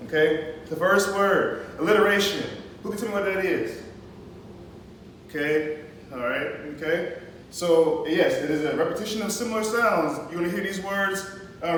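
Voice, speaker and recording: Male teacher running a poetry lesson; high voice, patient explaining, frequent "okay?" check-ins, recorded from across a very echoey classroom. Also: fairly bright tone. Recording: echoey classroom, mic far off, faint noise.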